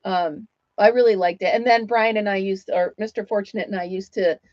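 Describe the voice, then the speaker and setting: A woman's voice: medium pitch, fairly even intonation, brisk, a little mellow, dry recording, lo-fi sound. A woman hosting a casual livestream from home, chatting with viewers while she crochets and laughing often. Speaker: livestream host.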